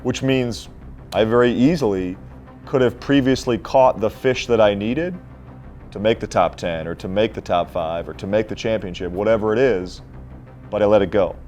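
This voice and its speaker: A low, steady male voice reflecting on tournament fishing in measured, earnest sentences, with faint music underneath. He speaks as a pro angler looking back, never rushed. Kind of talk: reflective interview narration.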